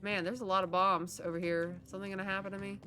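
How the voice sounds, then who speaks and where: A woman giving casual let's-play commentary, chatty, reacting out loud and laughing. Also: mid-range voice, flat delivery, fast talker, slight background noise. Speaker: gameplay streamer. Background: game music.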